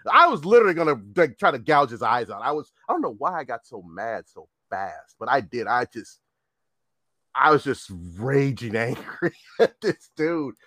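A man in his fifties telling a story in casual chat, animated and profane, often laughing. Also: mid-range voice, moderate pace, no echo. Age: 50s.

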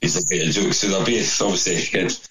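A man's voice: low voice, fairly even intonation, fairly quick, over a noisy crowd, low-quality recording. A man telling a rambling, sweary anecdote in casual chat, with laughs along the way. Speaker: storyteller.

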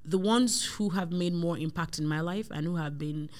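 Young woman, chatty, animated, lots of um's, podcast guest. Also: lowish voice, normal speed. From Nigeria. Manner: chatty, animated storyteller with frequent fillers. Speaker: guest, tech influencer. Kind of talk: casual conversation.

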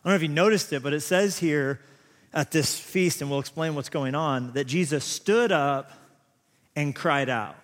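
A man's voice: fairly high pitch, normal speed, a bit bright. A man in his thirties preaching a sermon, telling rambling, self-deprecating stories full of restarts. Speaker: pastor. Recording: long hall reverb.

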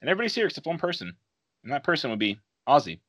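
A man's voice: a little high, very animated, very fast, fairly bright tone. A young man hosting a podcast, telling a rambling story in casual chat and acting out the people he quotes. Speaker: podcast host.

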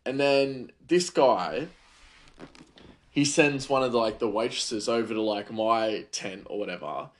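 A man's voice: fairly low pitch, a little slow. A man, a chef, telling a heated, rambling story about his work, full of fillers and restarts. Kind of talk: casual storytelling monologue.

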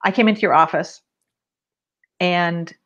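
A woman's voice: fairly low pitch, measured pace, a bit bright, muffled recording. A woman guest on a podcast, a professional organizer and coach, speaking in an upbeat, candid, motivational way. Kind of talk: casual interview.

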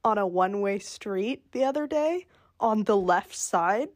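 A young woman co-hosting a podcast in a relaxed, chatty way. She tells family stories with easy laughter and a touch of self-conscious embarrassment. Her voice has an ordinary middle pitch. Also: a little slow. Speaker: podcast co-host. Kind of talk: casual chat.

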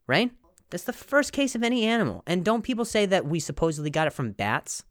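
His voice sits high and sing-song, moving at a brisk clip over a dry recording. The podcast host rambles through a casual comedic monologue, tripping on words and cracking himself up.

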